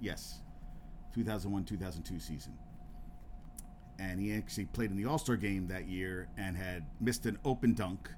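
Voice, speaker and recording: A man's voice: sits low, noisy background. A man hosting his own solo podcast, talking in a rambling, profane way with lots of restarts and getting worked up as he goes. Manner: worked up and emphatic. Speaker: podcast host.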